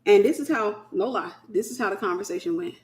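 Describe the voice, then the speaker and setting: This American host of a casual Christian teaching talk has a brisk, mid-range, slightly mellow voice. She talks emphatically and colloquially, coming back to her key phrases again and again.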